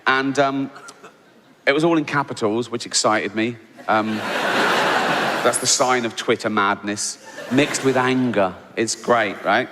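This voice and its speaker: An English man doing stand-up comedy, sardonic and mocking, breaking into high, incredulous outbursts. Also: slow pace, background noise. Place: large theatre stage. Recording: big hall reverb with audience laughter.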